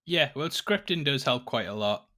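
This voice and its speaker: A man being interviewed as a YouTube guest, speaking in a measured, thoughtful way with some hesitant fillers. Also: medium pitch, lively intonation, sharp tone. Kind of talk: casual interview chat. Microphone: remote call audio.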